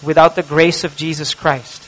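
A man preaching a sermon with passion, dropping to a hush and rising to loud cries. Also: fairly high pitch, flat delivery, moderate pace, low-quality recording. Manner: impassioned preaching, swings from hushed to loud. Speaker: pastor.

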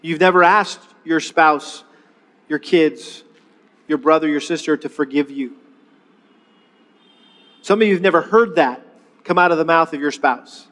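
A man's voice: on the high side, unhurried, pauses often, fairly bright tone. A middle-aged man preaching a sermon in a conversational way, asking rhetorical questions and leading the congregation to repeat phrases after him. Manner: leads the congregation in call-and-response repetition. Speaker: pastor. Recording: long reverb of a large hall.

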